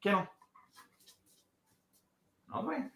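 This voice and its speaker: A man training a dog on camera, gently encouraging it and explaining each step. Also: very slow, far from the mic. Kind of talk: live training demonstration with explanation. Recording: echoey room, off-mic, faint noise.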